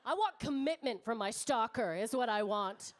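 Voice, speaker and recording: Woman comic in her thirties, high voice, swoopy lively delivery, brash, crowd-teasing. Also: normal speed. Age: 30s. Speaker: stand-up comedian. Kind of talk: stand-up comedy set. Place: comedy club stage before a live audience.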